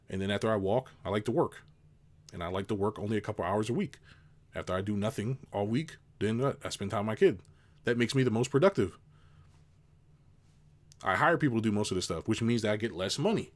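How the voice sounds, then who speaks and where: A middle-aged man, a business coach, ranting casually to his viewers, swearing and mocking others. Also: on the low side. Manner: ranting, swears, mocks people in put-on voices. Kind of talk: unscripted rant to camera.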